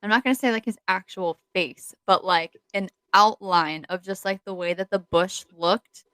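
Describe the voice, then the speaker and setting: A woman's voice: mid-range voice, moderate pace, fairly bright tone, smooth, no room sound, low-quality recording. A young woman co-hosting a podcast, chatting casually with a rambling, giggly manner and many fillers. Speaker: podcast co-host. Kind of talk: casual chat.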